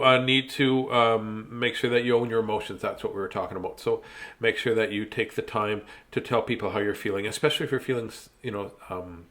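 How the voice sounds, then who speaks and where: A man chatting playfully to young viewers after a bedtime story, in a goofy mood, then singing a good-night song. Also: medium pitch. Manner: goofy, playful, warm sign-off. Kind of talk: casual bedtime chat to viewers.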